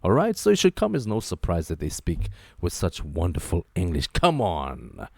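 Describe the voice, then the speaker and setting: A man hosting a talk show, giving joking, animated commentary and repeating his phrases for emphasis. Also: low voice, moderate pace, gravelly, husky, no echo, clean studio sound. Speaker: host. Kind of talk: casual commentary monologue.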